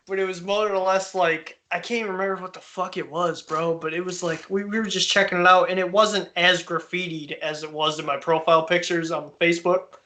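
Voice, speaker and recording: A man's voice: sits high, fairly quick, hardly any pauses. A man hosting a podcast, telling a story in casual chat, swearing freely and laughing often as he goes. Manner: profane, laughing, animated storyteller. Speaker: podcast host.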